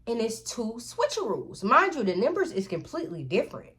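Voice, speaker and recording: A woman vlogger telling a storytime tale in an animated, profane way, often calling out to her viewers. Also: on the high side, fairly quick. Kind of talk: storytime vlog.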